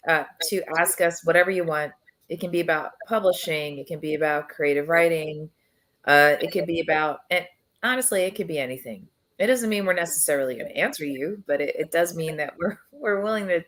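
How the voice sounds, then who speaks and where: A woman hosting a casual live chat as a press founder, her voice husky and worn from travel, chatty and relaxed with many fillers. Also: fairly low pitch, brisk, low-quality recording. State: low husky voice from travel fatigue. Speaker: founder and executive editor of a press, host.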